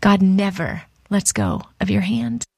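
A woman's voice: mid-range voice, sing-song, a little slow, creaky, darkish tone, breathy edge, dry recording. Woman telling a devotional story, dry sound. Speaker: radio devotional speaker.

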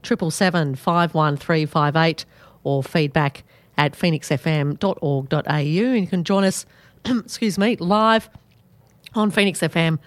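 An Australian woman hosts a sports talk show on local radio, her voice sitting a little low for a woman. She chats loosely, with plenty of fillers and restarts. Her voice is recorded close and dry on a studio mic. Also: unhurried, no room sound. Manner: chatty, with frequent fillers and restarts.

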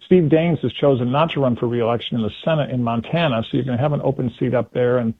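Male political commentator calling in, husky voice, tinny phone line, animated and chatty. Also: mid-range voice, fast talker, no room sound. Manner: animated, acts out quotes in put-on voices. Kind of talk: casual political talk on radio. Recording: phone-line call-in audio.

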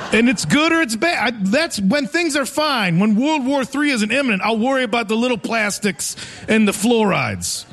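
A man's voice: very high voice, fairly bright tone. A man in his forties doing a live stand-up set in a theater, rambling and self-mocking, often laughing through his lines. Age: 40s. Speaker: stand-up comedian. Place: theater stage before a live audience.

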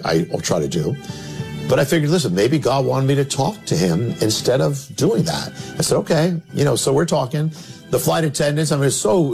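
A man's voice: vocal fry, a little mellow. Dramatic male preacher telling a story. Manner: dramatic storyteller, sudden drops to low emphatic tones. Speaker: minister. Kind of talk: storytelling sermon. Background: music.

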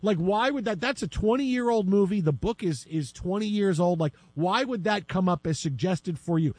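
A man hosts a casual sports chat and tells jokey, animated stories. His voice is high for a man, and the sound is dry and close. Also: moderate pace, few pauses, dry recording. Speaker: sports podcast host.

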